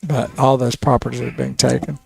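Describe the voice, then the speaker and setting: A man's voice: medium pitch, level tone, a little fast, gravelly, a little mellow, husky, faint music behind. A man chiming in as co-host on a radio show with casual banter.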